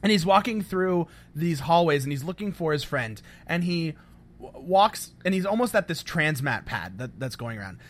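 A man co-hosting a casual fan podcast, retelling scenes in an animated, rambling way with lots of fillers. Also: on the high side, normal speed. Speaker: podcast co-host.

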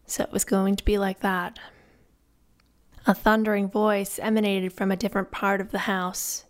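A woman narrating a fantasy novel in a measured, even reading. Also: medium pitch. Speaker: audiobook narrator. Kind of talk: scripted narration.

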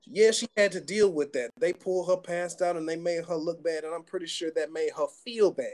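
A man's voice: fairly high pitch, fairly quick, darkish tone. A man giving earnest, preachy commentary in a casual faith conversation.

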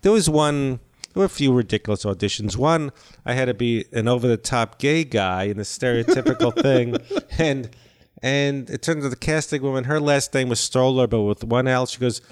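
An older man talks as an interview guest, wandering through stories with constant restarts and self-deprecating asides. His voice comes through smooth and clear, at an ordinary middle pitch. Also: normal speed. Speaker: guest, actor and comedian. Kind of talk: casual interview chat.

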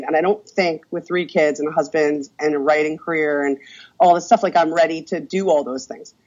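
A woman's voice: lowish voice, fairly quick, highs cut off. A woman in her thirties, a podcast guest, telling a story with lots of swearing and acted-out quotes in casual chat. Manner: animated storyteller, swears freely, acts out quotes.

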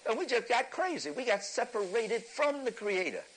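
A man giving an impassioned lecture to an audience, preacherly and emphatic, rising at times to a shout and chuckling through his points. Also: very high voice, big pitch swings, normal speed, rough recording.

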